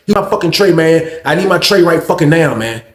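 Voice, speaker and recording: A man voicing a hot-headed young male inmate who loudly and profanely demands his food. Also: fairly high pitch, animated, brisk. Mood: furious. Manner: loud, profane, insistent. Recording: roomy echo.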